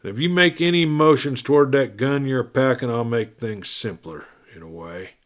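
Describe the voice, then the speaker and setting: A man's voice: medium pitch, animated, normal speed, lightly acted. A man playing a stern frontier deputy. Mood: commanding. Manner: curt, commanding.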